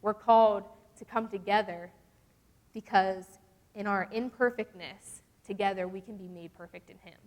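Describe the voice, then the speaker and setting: A young woman gives a casual, animated devotional talk to a youth group. She often acts out the voices she quotes. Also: medium pitch, normal speed. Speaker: youth speaker. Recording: long reverb from a large hall.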